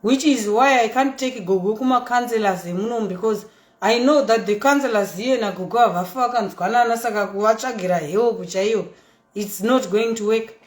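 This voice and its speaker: A woman in her thirties with a Zimbabwean accent, telling her story in a chatty, animated way that mixes English and Shona. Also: fairly high pitch, moderate pace, reverberant. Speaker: socialite vlogger. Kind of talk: casual storytelling monologue.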